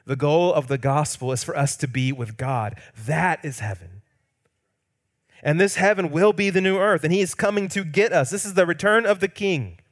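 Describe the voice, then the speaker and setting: A pastor preaching a sermon, swinging between loud emphatic peaks and hushed quiet lines, sometimes acting out quoted lines playfully. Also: male voice, fairly high pitch, expressive, moderate pace.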